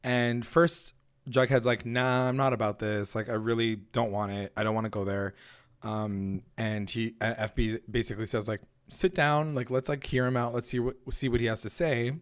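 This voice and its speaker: A man co-hosts a podcast recapping a TV show, chatting loosely, swearing, and often acting out the characters' lines. His medium-pitched voice holds a steady tone at a moderate pace.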